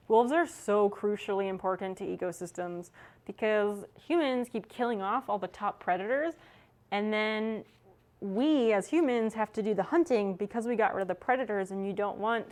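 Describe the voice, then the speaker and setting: Her mid-range voice has a slightly mellow quality. She's a young adult woman streaming as she works, swearing freely in easygoing chat with her viewers.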